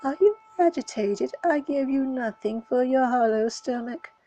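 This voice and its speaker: A woman's voice: sits high, measured pace, mellow. A woman voicing a mocking, sarcastic ghost child in a storybook reading. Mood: taunting. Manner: sarcastic, taunting.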